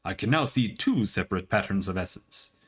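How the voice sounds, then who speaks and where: A man voicing an excitable female scholar who studies souls, giving eager, clipped instructions. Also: deep voice, a little fast, husky, exaggerated voice.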